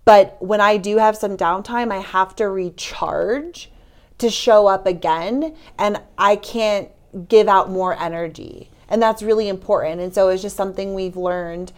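A woman's voice: medium pitch, measured pace. A woman co-hosting a podcast in casual chat, upbeat and conversational. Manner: upbeat and conversational, teasing her partner. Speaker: podcast co-host.

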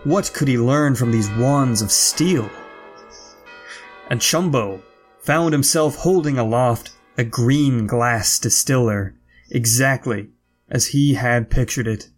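A man reading a spooky fantasy story aloud in a measured, dramatic way. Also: mid-range voice, husky, soft background music.

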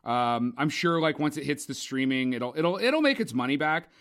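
A man's voice: mid-range voice, expressive, normal speed, fairly bright tone. A young man co-hosting a podcast, giving a casual, opinionated and profane movie review full of rambling asides. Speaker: podcast co-host, film reviewer.

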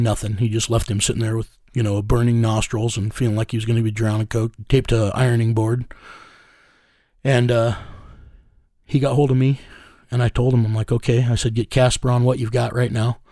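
Man, mid pitch, blunt, profane, casual storytelling, chuckles. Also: steady tone, normal speed, dark tone, no echo, clean studio sound. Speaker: interview guest.

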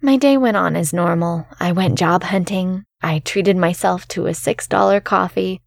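A woman reading a first-person horror story in a calm, measured way as the show's narrator. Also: on the low side, gravelly, dry recording, clean studio sound.

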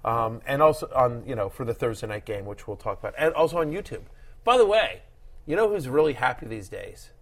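A man's voice: mid-range voice, a little fast. A man hosting a fantasy football show, chatting casually and rambling through long stories with frequent laughter. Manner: rambling, laughing, animated storyteller. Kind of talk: casual sports chat.

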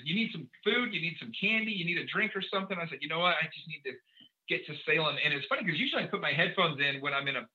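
A man tells a personal story as a podcast guest, racing through it at high speed and acting out bits of dialogue. His voice is sharp and forceful, with lots of "um"s and "uh"s along the way. The recording sounds dull and lo-fi. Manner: rapid, animated storytelling with many fillers and acted-out dialogue.

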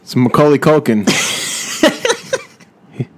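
A man co-hosting, narrating an improvised comedy story in a fairly deadpan way. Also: medium pitch, slow pace.

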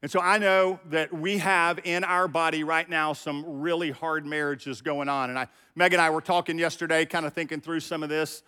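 A man's voice: fairly high pitch, fairly even intonation, normal speed, few pauses, sharp tone, smooth, big-room sound. A middle-aged man preaching a sermon as pastor, talking conversationally and directly to his congregation. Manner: conversational, talks straight to the congregation.

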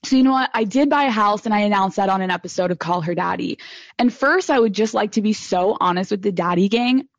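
A woman in her twenties hosts a live podcast room and tells her stories in a candid, animated way, swearing freely. Her voice is dry and close, with a dull, lo-fi band. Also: mid-range voice, quick pace, no echo. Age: 20s. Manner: candid, profane, animated storytelling. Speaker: podcast host. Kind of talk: casual live podcast chat.

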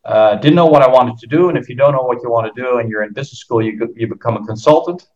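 A quick-paced, mid-range voice belongs to a golf course architect from the Netherlands in his fifties whose accent leans American. Talking from home on a podcast, he rambles, restarts and fills gaps with fillers, all on muffled lo-fi audio.

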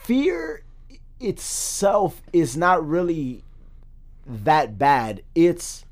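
A man's voice: mid-range voice, unhurried. A man co-hosting a podcast, musing reflectively on ideas in casual chat. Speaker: podcast co-host.

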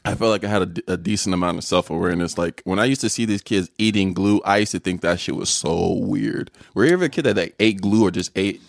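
A man with a fairly low voice chats casually and jokes with a friend. He asks questions and laughs along easily. The recording is dry and close. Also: fast, vocal fry, few pauses, dry recording. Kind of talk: casual comedic chat.

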